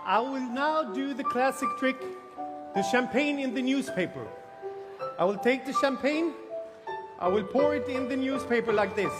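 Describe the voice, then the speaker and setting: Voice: sits high, moderate pace, over loud music. A stage magician performing a comic act, narrating tricks playfully with exaggerated sound effects.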